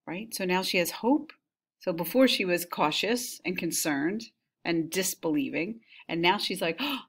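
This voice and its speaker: Casual woman teacher explaining a text. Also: lowish voice. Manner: casual, with frequent "right?" and fillers.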